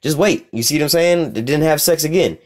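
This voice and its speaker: A man teaching scripture casually, reading verses aloud slowly and commenting bluntly with street profanity. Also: fairly high pitch. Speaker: religious teacher.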